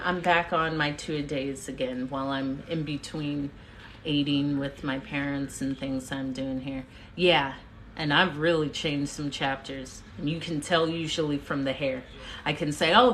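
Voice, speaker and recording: A woman's voice: sits low, fairly bright tone, a little hiss or hum. A middle-aged woman storyteller chatting casually to livestream viewers from her home kitchen, effusive and upbeat, thanking people by name. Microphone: phone livestream.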